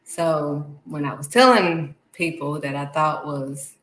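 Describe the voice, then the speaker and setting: Animated woman sharing faith talk, echoey room. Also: low voice, takes it slowly. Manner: animated, acts out excited voices and exclamations; talks straight to viewers, calling them honey. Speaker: faith vlogger.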